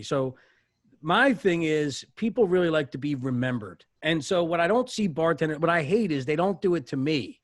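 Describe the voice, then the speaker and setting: Swearing, animated bartender. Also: male voice, a little high, dry recording, studio quality. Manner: animated storyteller, swears often. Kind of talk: casual podcast chat. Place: podcast studio.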